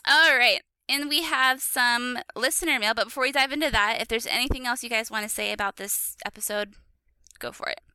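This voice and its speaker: A woman's voice: a little high, fairly quick, few pauses, sharp tone, clean tone, no echo. A woman hosting a podcast in casual chat, upbeat and laughing often. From Seattle area. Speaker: podcast host.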